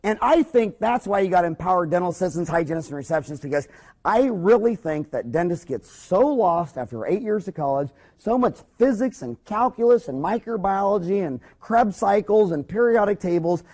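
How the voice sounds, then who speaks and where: A man lecturing with a high voice for a man. He speaks bluntly and with humor, telling anecdotes and acting out their dialogue in a lively seminar style. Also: normal speed. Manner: blunt, joking, animated storyteller. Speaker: dentist lecturer.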